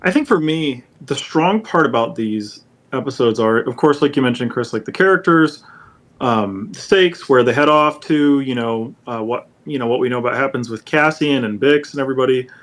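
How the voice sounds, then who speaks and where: Man, podcast co-host, casual, rambling, filler-heavy, mid pitch. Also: normal speed, a bit bright. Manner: rambling with many fillers like "you know" and "um".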